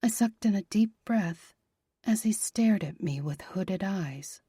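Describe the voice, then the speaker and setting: A woman narrating a romance audiobook in a soft, breathy, half-whispered voice. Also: medium pitch, lively intonation, takes it slowly, no room sound, clean studio sound.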